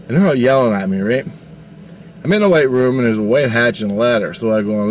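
A man's voice: mid-range voice, lively intonation, normal speed, a little hiss or hum. A man rambling through a spiritual vision story, laughing often and acting out the dialogue.

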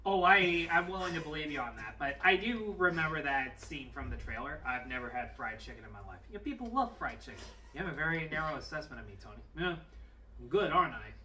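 A man's voice: fairly high pitch, lively intonation, quick pace, sharp tone, far from the mic, a little hiss or hum. A man co-hosting a casual chat, enthusiastic and swearing for emphasis. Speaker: podcast co-host.

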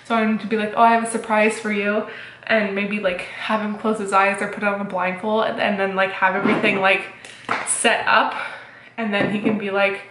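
A woman's voice: medium pitch, level tone, moderate pace, roomy sound, background noise. A young woman vlogging at home, chatting to camera in a giggly, rambling way. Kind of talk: casual vlog chat to camera.

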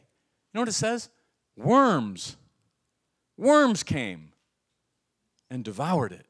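A man preaching a sermon as pastor, with a lively, humorous delivery full of asides. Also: on the high side, very slow, pauses often, breathy edge. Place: church sanctuary.

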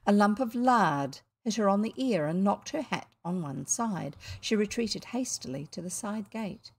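A woman reads a children's classic aloud at an unhurried pace. She breaks off for chatty, amused asides between chapters, at an ordinary middle pitch. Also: lively intonation, creaky. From New Zealand. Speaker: reader.

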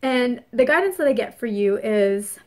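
A woman's voice: fairly high pitch, lively intonation, normal speed. A woman giving a casual spoken astrology forecast, chatty and earnest, repeating phrases for emphasis. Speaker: spiritual reader.

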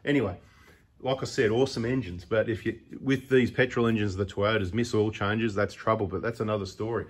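A man's voice: lowish voice, fairly even intonation, a little fast, breathy edge. A middle-aged Australian man hosting a four-wheel-drive channel, giving chatty, opinionated advice full of rambling asides. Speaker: host of a 4x4 channel. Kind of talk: casual talking-head advice.

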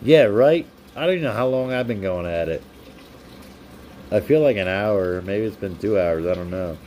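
Mellow-voiced man hosting a live stream. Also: lowish voice, animated, normal speed, a little hiss or hum. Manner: reads out viewer names and shouts them out, chatty and upbeat. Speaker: livestream host. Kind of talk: casual live-stream chat reading comments.

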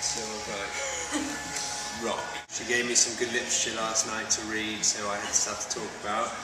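Man, joking casual vlog talk, echoey room, long reverb, loud music behind. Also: fairly low pitch, level tone, normal speed. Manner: joking, rambling, self-mocking. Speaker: vlog host.

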